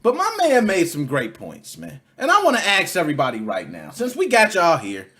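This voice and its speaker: Animated ranting male podcast host. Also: a little high, a little fast, breathy edge. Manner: animated, ranting, swears freely, swings from loud to muttering. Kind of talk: solo gaming podcast rant.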